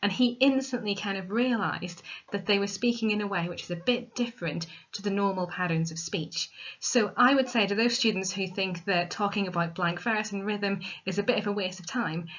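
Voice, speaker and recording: A woman teacher giving a recorded literature lesson, explaining step by step in a clear, methodical way. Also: medium pitch, moderate pace, a bit bright. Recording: dull lo-fi recording.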